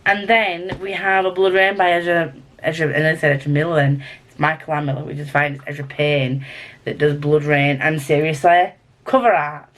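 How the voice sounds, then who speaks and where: A young woman with a Scottish accent chatting casually to camera about her books, rambling and excitable. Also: sits low, normal speed. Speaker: book vlogger.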